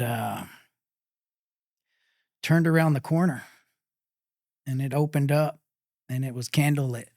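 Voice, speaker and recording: Middle-aged Texan man, interview guest, slow and halting, dry close sound. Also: mid-range voice, mellow, no echo. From Texas. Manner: halting, with many pauses and fillers. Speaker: pit master guest. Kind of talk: interview storytelling.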